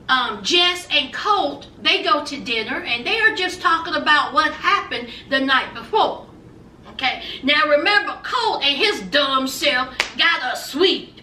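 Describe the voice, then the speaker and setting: A woman recaps reality TV in a sassy, animated chat, addressing her viewers directly. Her voice is high and very bright. She sits a little back from the mic in an echoey room with a faint hum of background noise. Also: distant mic. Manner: sassy, animated storytelling, calls the viewer "child" and "honey". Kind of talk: casual chatty recap.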